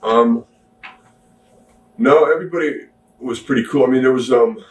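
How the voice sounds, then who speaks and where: A man's voice: medium pitch, normal speed. A man being interviewed about his past career, telling rambling stories in a laid-back way with self-deprecating humor. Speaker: interview guest, former wrestler. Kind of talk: casual storytelling interview. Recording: echoey room, distant mic, faint hiss.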